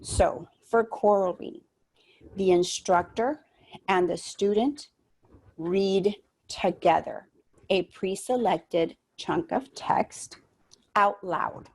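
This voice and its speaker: A woman teaching an online training session for adult education instructors, explaining reading methods in a measured way with frequent fillers. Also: mid-range voice, slightly rough. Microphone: computer mic on a video call.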